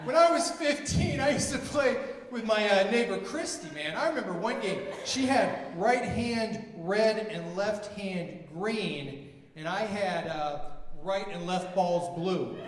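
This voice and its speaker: A man in his forties performing a stand-up comedy set, telling exasperated stories and shouting his punchlines. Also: high voice, animated, a little slow. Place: comedy venue with live audience. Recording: echoey venue from a distance, audience noise.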